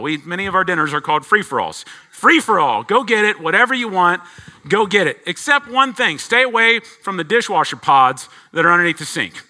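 A middle-aged man preaching a sermon as pastor to a congregation, swinging between loud emphatic peaks and quiet low asides. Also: very animated, a little fast.

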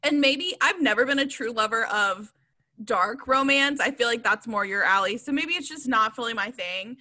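A woman's voice: a little high, moderate pace, pushed and bright. A woman co-hosting a podcast, giving a rambling, giggly and frank book review in casual chat.

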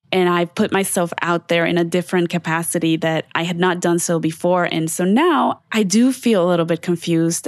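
A woman's voice: lowish voice, no room sound, clean studio sound. A woman hosting her podcast, talking candidly and from the heart, speaking straight to her listeners in a casual, unscripted monologue with the odd swear word. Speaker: podcast host.

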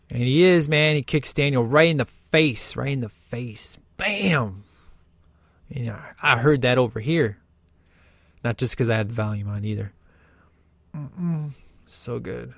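A man's voice: medium pitch, no room sound. A man talking through a film in casual commentary, enthusiastic and emphatic with lots of slang.

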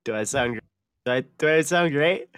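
A man's voice: a little high, animated, fairly quick, a bit bright, clear, resonant tone, no echo. A man co-hosting a podcast in easygoing casual banter, chuckling and repeating himself. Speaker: podcast co-host.

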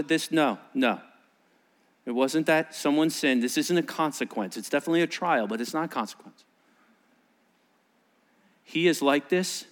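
Preaching with lots of energy, this middle-aged male pastor voices the characters from his story and keeps repeating himself. He speaks on the high side.

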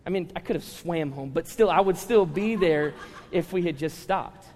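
A male pastor preaches with lively, humorous storytelling and often turns to address the room. His voice sits high for a man. The live recording carries a long, ringing reverb from the church hall. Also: moderate pace. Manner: animated storytelling with humor, talking to the congregation. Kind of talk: sermon. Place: large church hall with congregation.

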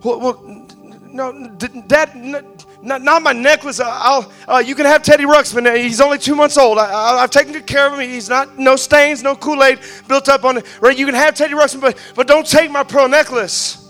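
A preacher acting out a small five-year-old girl, her voice pushed high and eager as she stammers and begs. Soft music plays faintly behind. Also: normal speed. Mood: pleading. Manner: stammering, begging.

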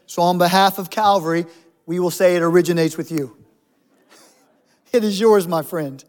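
A man preaching a sermon as a pastor, in a conversational way with humorous asides. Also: high voice.

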